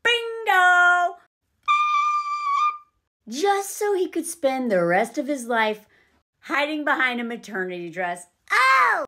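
A woman's voice: on the high side, very animated, normal speed, a bit bright, faint music behind. A woman voicing a blunt man who taunts his neighbor. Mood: mocking. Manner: taunting, sarcastic. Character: blunt, mocking male neighbor.

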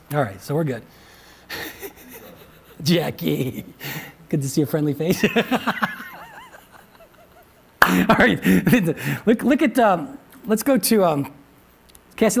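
A man preaching a sermon as pastor in a conversational way, repeating phrases and often asking the congregation questions. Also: high voice. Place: church.

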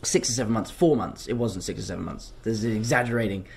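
A young British actor telling lively anecdotes as a talk show guest, acting out quotes and laughing often. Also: male voice, fairly low pitch, fast, gravelly, slight background noise. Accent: British English. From England.

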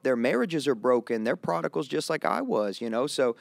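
A man's voice: mid-range voice, animated, moderate pace, gravelly, no echo, clean studio sound. A man, a pastor and church planter, talking in a casual podcast conversation, laid-back and calling people "man" and "bro".

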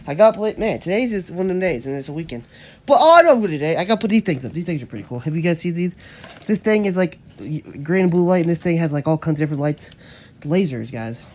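A woman's voice: deep voice, a little mellow. A young woman vlogging casually with a stuffed-up nose that makes her voice nasal, rambling and saying "like" a lot. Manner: rambling, heavy use of "like". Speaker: daily vlogger. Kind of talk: casual vlog chat.

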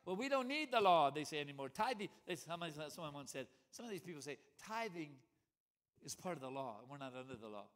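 A man preaching a sermon, swinging from loud emphasis to hushed near-whispers, with rhythmic catchphrases and repeated calls of "come on.". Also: a little high, animated, quick pace.

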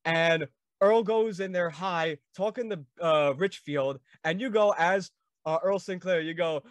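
An enthusiastic man hosts the chat, eagerly quizzing his guest like a devoted fan. His voice sits a bit high and sounds dry and close. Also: unhurried, dry recording. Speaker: podcast host. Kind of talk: casual interview.

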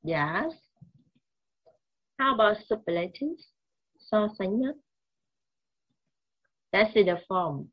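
Woman teacher, Vietnamese accent, slow repetitive grammar lesson, husky, dull lo-fi sound. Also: mid-range voice, lively intonation. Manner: slow, repetitive, mixes languages. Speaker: English teacher.

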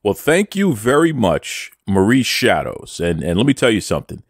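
A low-pitched man hosting a wrestling podcast, his voice swinging widely up and down as he hams it up like a wrestling promo. He talks about himself in the third person with boastful, playful swagger. The sound is close and dry. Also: very animated, moderate pace, dry recording. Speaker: podcast host. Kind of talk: casual podcast chat.

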